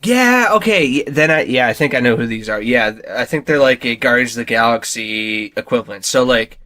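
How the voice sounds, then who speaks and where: A young man talking loosely on a podcast, full of fillers and stop-start restarts. His pitch sits right in the middle for a man, neither deep nor high. He chats casually rather than presenting. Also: lively intonation, brisk, sharp tone. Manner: rambling, many fillers and restarts. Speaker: podcast co-host. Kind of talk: casual chat.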